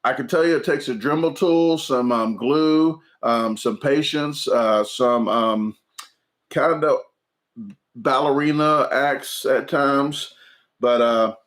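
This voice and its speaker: A man in his forties hosts a casual home livestream and answers viewer comments. His voice sits at a middle pitch, and he talks haltingly, filling pauses with ums and uhs and restarting his sentences often. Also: fairly bright tone. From United States. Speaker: food channel livestream host.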